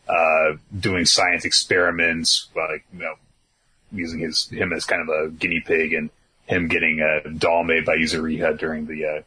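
A man's voice: rumbling low, bright, forceful tone, breathy edge. A man co-hosting a casual podcast, recapping comic chapters in a laid-back way with lots of fillers and the odd chuckle. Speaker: podcast co-host. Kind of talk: casual manga chapter discussion.

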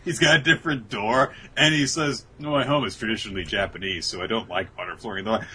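A man's voice: lowish voice, quick pace, few pauses, pushed and bright, husky. A man casually discussing an anime episode as a podcast co-host, acting out character lines with swearing and laughter.

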